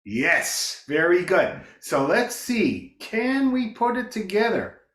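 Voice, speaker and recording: A man's voice: high-pitched, sing-song, slow pace, reverberant. A man teaching a beginner fiddle class online, encouraging students, counting them in and calling out the notes. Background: fiddle playing.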